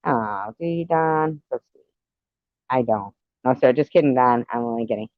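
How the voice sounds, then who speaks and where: A man's voice: medium pitch, expressive, normal speed, no echo, narrow, tinny audio. A man chatting with viewers on a live stream, giggly and meandering, often trailing off. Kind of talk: casual rambling chat.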